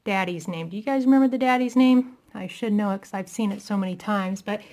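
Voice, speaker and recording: A woman's voice: mid-range voice, fast, darkish tone. A woman chatting casually through a craft tutorial, talking to herself as she works, self-deprecating and a little out of breath.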